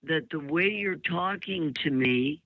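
Man giving blunt advice slowly, kinda high voice, interrupts a lot, tinny dry audio. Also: dry recording. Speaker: radio advice host. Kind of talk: call-in advice show. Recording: phone-like narrow sound.

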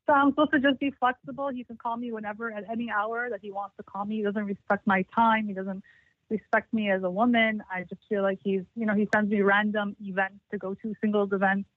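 A woman's voice: medium pitch, little pitch movement, brisk, no room sound. A woman in her thirties calling an advice show, sounding frustrated and defensive. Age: 30s. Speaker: caller. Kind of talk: call-in advice conversation. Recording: tinny phone line.

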